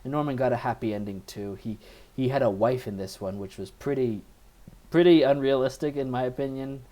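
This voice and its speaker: Dude on a film podcast, warm low-key voice, rambly with lots of ums. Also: male voice, brisk. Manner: rambling, filler-heavy retelling. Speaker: podcast co-host. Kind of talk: casual movie review chat.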